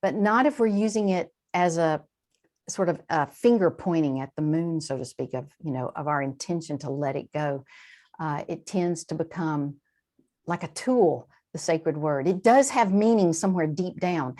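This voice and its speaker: A woman with a slightly low voice talks through ideas in a relaxed interview. She explains with animated asides, jumping up in pitch on quoted lines and then settling back down. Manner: animated, warm-hearted explaining with quick asides and laughs. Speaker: translator and guest. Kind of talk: conversational interview.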